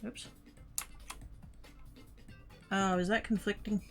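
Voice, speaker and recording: A woman streaming a game, chatting casually and muttering to herself as she plays, easily excited. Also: mid-range voice, slow pace, music in the background. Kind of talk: casual gaming livestream chat.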